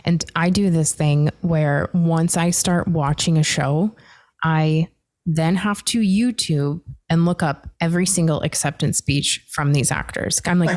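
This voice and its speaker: A talkative woman hosts a casual podcast chat with a somewhat low voice. She gushes along, filling her sentences with little fillers. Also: steady tone, measured pace, darkish tone. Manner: gushing, talkative, many "like" fillers. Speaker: podcast host.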